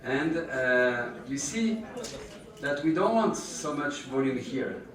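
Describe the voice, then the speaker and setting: A man's voice: medium pitch, expressive, takes it slowly, a crowd in the background. A man teaching a live injection class, explaining each step and joking with the patient. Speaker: aesthetic injection trainer. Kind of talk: live hands-on class demonstration. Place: treatment room with an audience. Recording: echoey room picked up from a distance.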